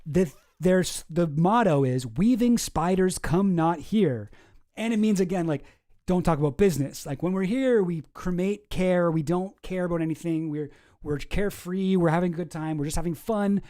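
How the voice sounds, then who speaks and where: A man's voice: high voice, normal speed, mellow. A man hosting a casual commentary video, rambling and sarcastic, chuckling at his own jokes. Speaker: host.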